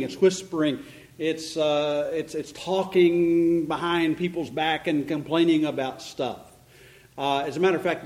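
A man preaching an expository sermon in a church, animated and climbing in pitch to stress points, with frequent restarts. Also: low-quality recording. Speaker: pastor.

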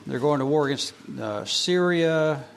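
A man's voice: on the high side, animated, a little slow. A man teaching a Bible passage in a casual, conversational way, with frequent fillers and humorous asides. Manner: conversational, colloquial, hesitant, humorous.

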